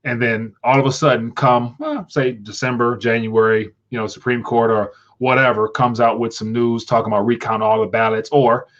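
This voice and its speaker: A man's voice: medium pitch, level tone, moderate pace, hardly any pauses, a bit bright, lo-fi sound. A man hosting a casual livestream, talking in a rambling way with frequent restarts and stumbles. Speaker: livestream host.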